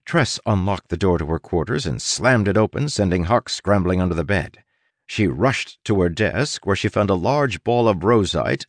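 A man narrating an audiobook in a wry manner, with dramatic pauses and stretched emphasis. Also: sits low, no room sound. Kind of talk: scripted narration.

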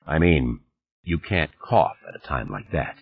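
A man reading an audiobook, voicing a weary, withdrawn executive who answers in a reluctant, flat manner, on a dull lo-fi cassette recording. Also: extremely low pitch, unhurried, creaky, breathy edge, full character voice.

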